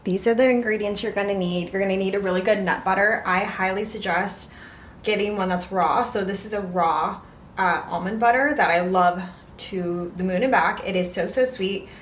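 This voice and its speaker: A woman's voice: medium pitch, steady tone, normal speed, a little hiss or hum. A young woman chatting casually in a cooking vlog, talking while she eats and walks through ingredients. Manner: chatty, talks while eating. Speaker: vlogger. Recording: echoey room, mic at a distance.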